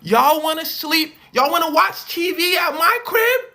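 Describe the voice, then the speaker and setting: A shrill, pleading woman, put on by a comic storyteller. She whines loudly and high up, with a gravelly edge. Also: animated, a little slow, exaggerated voice. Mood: coaxing. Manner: high, loud, whining. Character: panicky woman, loud and pleading.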